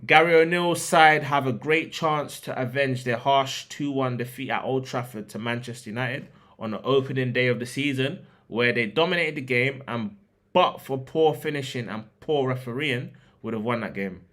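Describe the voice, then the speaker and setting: A man's voice: mid-range voice, a bit bright. Man reading football predictions. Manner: reads a script with asides and restarts. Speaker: football podcast host. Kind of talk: scripted match previews and predictions.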